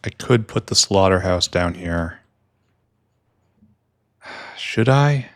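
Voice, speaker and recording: Slow but with lively intonation, a gameplay streamer with a low, deep voice rambles and thinks aloud through his game in casual let's-play commentary. He makes wry little asides and often falls into quiet muttering to himself. The recording is dry and close-miked.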